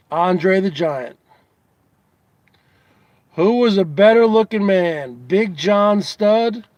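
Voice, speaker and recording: A man hosting a casual comedy show, asking his audience teasing questions over and over in a drawn-out way. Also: high-pitched, a little mellow, no echo. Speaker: host.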